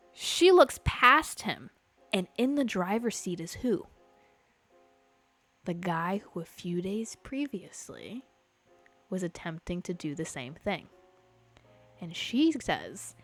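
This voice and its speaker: A young woman hosting a podcast, telling a story in casual chat, animated, full of fillers and swearing. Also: fairly low pitch, slow pace, long pauses, faint music behind. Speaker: podcast host. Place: Los Angeles.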